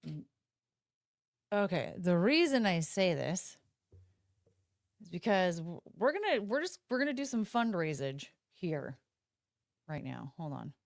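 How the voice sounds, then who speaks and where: A woman's voice: on the low side, big pitch swings, measured pace, gravelly, pauses often, no room sound, studio quality. A woman hosting a casual livestream, rambling and interrupting herself as she talks to viewers through her phone. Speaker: livestream host.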